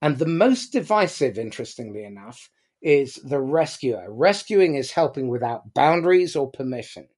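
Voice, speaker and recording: A man giving a blunt, animated motivational talk to a business audience, swearing casually as he goes. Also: medium pitch, normal speed. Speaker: business speaker.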